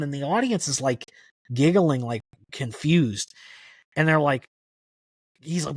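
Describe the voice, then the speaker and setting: A man's voice: on the high side, a little slow, husky, no room sound, studio quality. A man guest on a podcast, telling stories in a casual, rambling way, full of "like" fillers. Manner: rambling, many "like" fillers, animated retelling. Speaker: podcast guest, country music historian. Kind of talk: casual conversational storytelling.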